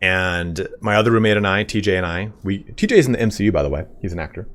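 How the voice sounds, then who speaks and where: Animated young man telling a story. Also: sits low, fast talker. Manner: animated, swearing, laughing storyteller. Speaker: gaming streamer. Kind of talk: casual storytelling while gaming.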